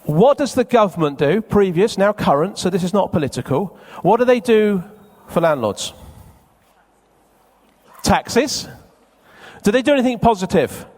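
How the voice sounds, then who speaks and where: Lively man talking in a hall. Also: high voice, a little slow. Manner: chatty, teasing, quizzes the crowd. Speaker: event speaker. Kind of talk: live seminar talk to an audience. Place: conference hall with a live audience. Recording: long reverb of a large hall.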